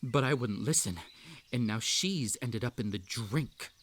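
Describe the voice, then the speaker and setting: A man's voice: medium pitch, lively intonation, a little slow, fairly bright tone. A man voicing an unhinged, desperate yandere who hosts a tea party, speaking in an audio role-play in a creepy, clingy and sweetly menacing way.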